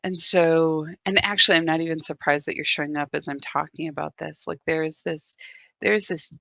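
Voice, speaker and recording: This woman's voice sits low, steady and bright, forceful and touched with vocal fry, moving a little fast with no echo. Leading a live spiritual practice through her phone, she talks frankly and emotionally, searching and repeatedly restarting her thoughts.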